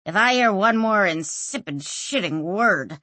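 Audiobook figure: a weary, irritable man muttering low, grumbling curses, rough-edged voice, read by a woman narrator. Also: animated, a little slow, bright, forceful tone, dry recording. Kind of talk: audiobook character voice.

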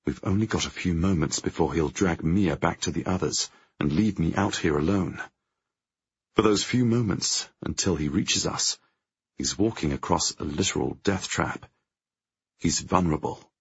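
A man narrating a first-person audiobook in a tense, measured way, with a gravelly, husky voice. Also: low-pitched, no echo. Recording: dry, dull lo-fi audio.

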